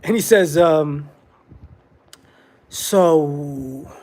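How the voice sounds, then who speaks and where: A man's voice: high voice, moderate pace. A man giving a casual, rambling commentary monologue with frequent restarts and repetitions.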